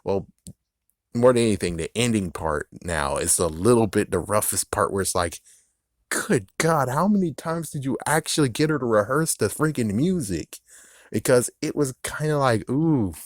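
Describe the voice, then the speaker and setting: A man's voice: medium pitch, lively intonation, moderate pace, no room sound, studio quality. A man talking to camera in a casual, rambling rant, swearing freely, laughing and acting out quotes along the way. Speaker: video creator.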